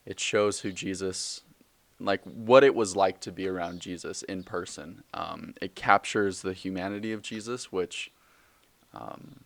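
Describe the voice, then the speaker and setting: Young male podcast host, very low voice, dry sound, rambling jokey monologue with lots of ums. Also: no echo. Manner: rambling, joking, self-correcting with many fillers. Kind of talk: casual solo podcast monologue.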